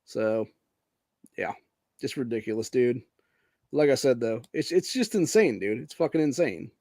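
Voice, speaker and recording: A man's voice: mid-range voice, expressive, moderate pace, mellow, no echo. Profane, heated male commentary host. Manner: profane, says "dude" constantly, grows heated; reads news items aloud while screen sharing. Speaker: podcast host. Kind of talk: casual political commentary.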